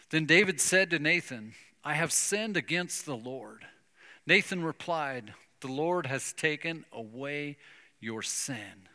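A man preaching a sermon, retelling a Bible story with lively acted-out dialogue. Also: a little high, unhurried, in a large hall. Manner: animated storytelling, acting out biblical dialogue. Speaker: pastor.

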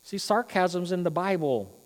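A male pastor preaching a sermon, swinging between loud, emphatic runs and quiet, joking asides. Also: sits high, expressive, a little slow. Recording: long reverb of a large hall.

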